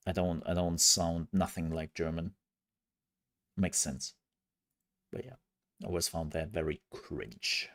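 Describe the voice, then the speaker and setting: A man's voice: low voice, fairly even intonation, a little slow, pauses often, a bit bright. A man streaming, chatting casually with viewers in a rambling, self-mocking way. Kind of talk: casual live-stream chat.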